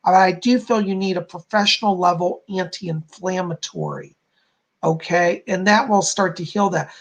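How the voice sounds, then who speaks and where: A man's voice: high-pitched, moderate pace, fairly bright tone, dull audio. A man hosting a live stream, giving chatty, reassuring psychic readings and addressing viewers by name. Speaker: psychic medium, stream host.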